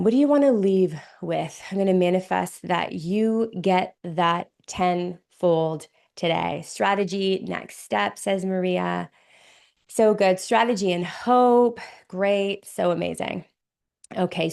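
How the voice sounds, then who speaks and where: A middle-aged woman from Canada hosts an online panel with bubbly warmth aimed at her chat. Her voice is raspy and gravelly with fry, hoarse from a cold. She sits at a mid pitch and greets viewers eagerly. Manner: enthusiastic, effusive, talks to the chat audience. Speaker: business coach hosting a webinar panel. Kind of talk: lively webinar hosting.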